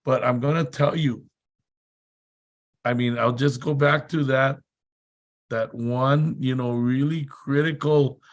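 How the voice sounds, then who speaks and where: A man's voice: mid-range voice, steady tone, takes it slowly, long pauses. A man giving a motivational seminar talk, telling chatty anecdotes and laughing often. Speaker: seminar speaker.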